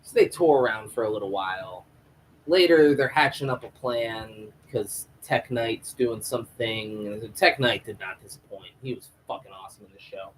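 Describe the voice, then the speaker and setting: A man's voice: fairly low pitch, normal speed, a little hiss or hum, low-quality recording. A man hosting a live stream review of a TV episode, ranting and rambling in a casual, profane way into a home microphone.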